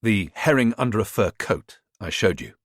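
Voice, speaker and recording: Calm, resourceful man with a low voice, laying out a plan in short, practical sentences; a man plays him. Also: dry recording, studio quality. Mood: calm, scheming. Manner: calm, brisk, matter-of-fact. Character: resourceful man, calm under pressure, plotting.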